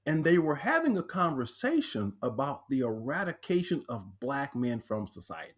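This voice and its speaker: Animated, lively-pitched man telling stories. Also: moderate pace. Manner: animated storyteller acting out quoted voices. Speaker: guest, speaker and author. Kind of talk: storytelling in a podcast interview.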